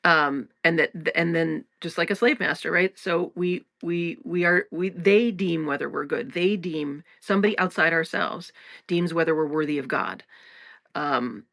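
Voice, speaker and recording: A woman's voice: low-pitched, normal speed, creaky, a bit bright, dry recording, clean studio sound. A woman hosting a spiritual talk in a casual, frank way, swearing freely, laughing often and restarting her sentences. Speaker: spiritual teacher and podcast host.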